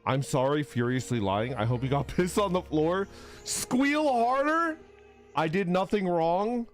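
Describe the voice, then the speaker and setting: A man's voice: moderate pace, faint music behind. A man live-streaming a game, chatting with viewers in a playful, teasing way. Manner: playful and teasing, bursts into high squeaks and laughter.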